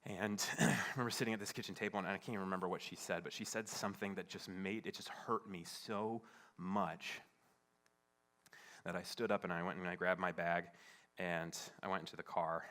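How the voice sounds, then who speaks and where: During a church service, a pastor tells a personal story in his sermon. His voice is low and fairly even in intonation, and he speaks earnestly and haltingly, frequently restarting sentences and moving between hushed and emphatic.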